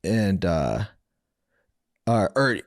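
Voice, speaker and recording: Guy on a podcast rambling thru his story, swears a lot, kinda low voice, dry sound. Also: big pitch swings, very slow, no echo. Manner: rambling, profane, many fillers. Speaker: podcast guest, former fighter. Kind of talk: casual storytelling interview.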